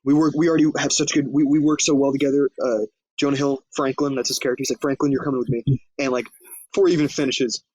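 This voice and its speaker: A man with a slightly husky voice, recorded dry and close. He co-hosts a movie podcast and tells the story in a loose, profane, chatty way, jumping into quoted lines as he goes. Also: medium pitch, fairly even intonation, fast, a little mellow, no echo, rough recording. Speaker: podcast co-host. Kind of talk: casual movie recap chat.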